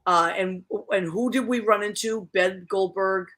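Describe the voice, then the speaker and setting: A chatty middle-aged woman hosts a relaxed online show and walks her guests through her cooking. Her voice sits in an ordinary middle register for a woman. She restarts her sentences often and laughs easily. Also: medium pitch, unhurried. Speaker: show host. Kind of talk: casual online chat show.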